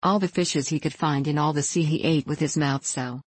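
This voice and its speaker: A woman reading a children's storybook aloud in a slow, sing-song storytelling cadence. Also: sits low, fairly even intonation, slightly rough, no echo.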